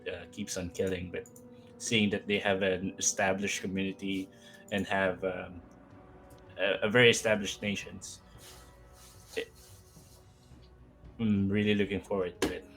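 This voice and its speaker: A man with a deep, flat voice chats on a stream, searching for his words and restarting often. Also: unhurried, pauses often, faint music behind, low-quality recording. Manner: hesitant, many ums and restarts. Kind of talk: casual stream chat.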